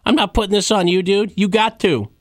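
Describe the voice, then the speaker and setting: A man's voice: sits high, steady tone, a little fast, no room sound, studio quality, pitched above the performer's own voice, lightly acted. A man voicing a chummy fellow with a put-on Brooklyn accent, reassuring a buddy.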